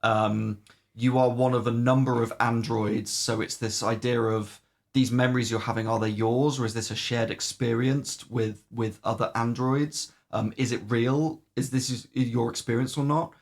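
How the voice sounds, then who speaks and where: A man with a mid-range, creaky voice speaks at a normal speed in a steady tone. He co-hosts a podcast, rambling through a casual game review full of "um"s and the occasional swear word.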